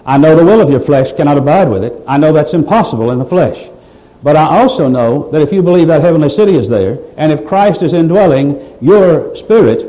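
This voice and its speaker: A man's voice: a little high, mellow, rough recording. A man preaching a sermon, pressing his listeners with rhetorical questions and building to emphatic, raised passages. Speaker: pastor.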